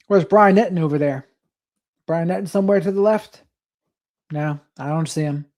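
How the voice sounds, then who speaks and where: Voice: mid-range voice, moderate pace, a little mellow. A stream commentator who jokes and reads viewers' chat comments aloud. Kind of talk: casual live-stream commentary.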